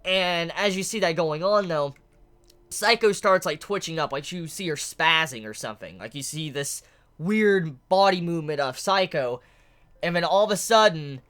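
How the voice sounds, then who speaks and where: A reviewer talking casually through a comic chapter, swearing freely and acting out the characters' lines with bursts of excitement. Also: medium pitch. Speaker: manga reviewer. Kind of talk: casual video commentary.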